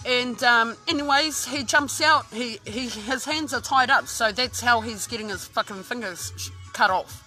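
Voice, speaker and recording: Aussie woman, highish voice, really bright and sharp, swears nonstop while she rambles through a story. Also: normal speed, soft background music. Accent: Australian. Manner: heavy swearing, rambling with many restarts. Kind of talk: casual true-crime storytelling.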